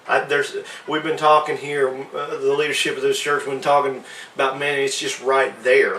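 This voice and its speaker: A man's voice: mid-range voice, a bit bright, roomy sound, recorded from a distance, a little hiss or hum, rough recording. A man preaching a sermon as pastor, emphatic and full of restarts.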